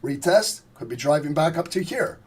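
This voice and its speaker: A hoarse man as a trading instructor, casually walking viewers through price charts on a live stream, profane and checking they follow along. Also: on the high side, lively intonation, normal speed, darkish tone.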